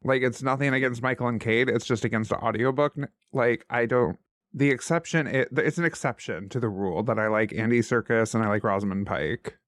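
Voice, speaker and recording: A man's voice: medium pitch, brisk. A man co-hosting a podcast, chatting casually and animatedly about books and shows. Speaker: podcast co-host. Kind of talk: casual chat.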